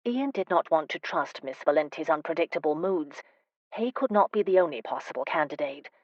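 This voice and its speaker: Low-voiced woman narrating a romance novel. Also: expressive, a little fast, no echo, dull audio. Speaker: audiobook narrator. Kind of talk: scripted narration.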